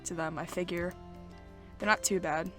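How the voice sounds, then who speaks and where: A woman's voice: lowish voice, fairly even intonation, moderate pace, a bit bright, soft background music, voice pushed down, close to an everyday voice. A woman reading as an aloof young loner. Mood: dry.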